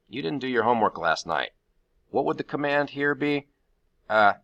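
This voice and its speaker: A man's voice: mid-range voice, sing-song, normal speed, a bit bright, dry recording. A man teaching a Spanish grammar lesson to his class, explaining each step patiently and counting syllables aloud.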